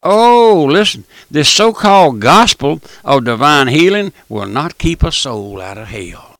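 An older man preaching a folksy broadcast sermon, repeating his points and calling the listener "my friend", with emphatic, drawn-out stressed phrases. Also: on the high side, very animated, fairly bright tone, no echo. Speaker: radio preacher.

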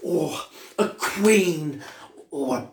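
A man voicing a flamboyant, teasing older gay Scottish man with breathy, fluttering exclamations in an echoey room. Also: a little high, lively intonation, drawn-out words, distant mic, pitched below the performer's own voice, exaggerated voice. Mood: camp drawl.

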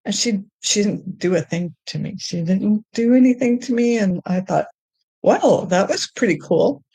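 Her voice slightly rough, a middle-aged woman tells her personal story of faith in conversation, halting and restarting frequently. Talk of joy lifts her voice high and excited. No room sound can be heard.

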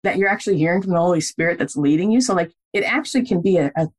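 A woman's voice: on the low side, animated, racing. A woman hosting a casual faith conversation, affirming her guest and speaking freely with many fillers. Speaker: podcast host.

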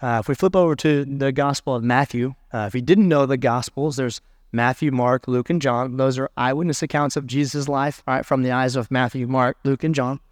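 A man's voice: medium pitch, fairly even intonation, dry recording, clean studio sound. Man preaching a conversational sermon. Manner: conversational preaching, reading scripture aloud with pauses. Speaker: pastor.

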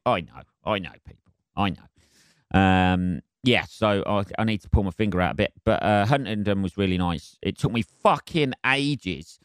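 A man talks alone into the mic in a low, smooth, resonant voice, dry and close with no room around it. He rambles through his week with plenty of ums, swears freely and keeps apologising with cheeky self-mockery. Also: normal speed, dry recording. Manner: rambling with many fillers and jumpy emphasis. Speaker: stand-up comedian and podcast host. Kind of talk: casual solo podcast chat.

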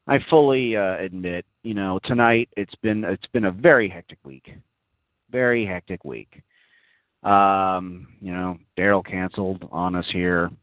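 A man with a low voice hosts a casual online radio talk show, rambling in a mock-serious way and using lots of fillers. The audio is tinny and phone-like, with no room sound.

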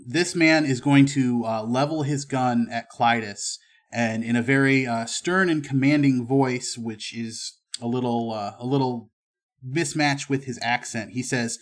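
A man narrating and running a western tabletop role-playing game as game master, relaxed and full of fillers. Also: medium pitch.

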